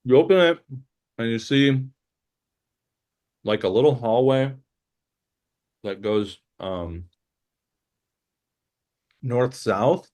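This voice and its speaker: A man running a tabletop game, describing the scene at an unhurried pace. His delivery is casual and loose, full of filler words. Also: medium pitch, a little mellow. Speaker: game master.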